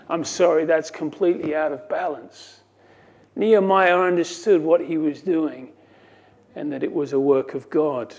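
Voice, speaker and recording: Fields: Sex: man. Role: pastor. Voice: warm, fairly high. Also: moderate pace. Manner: earnest preaching, dry self-mocking asides. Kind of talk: sermon.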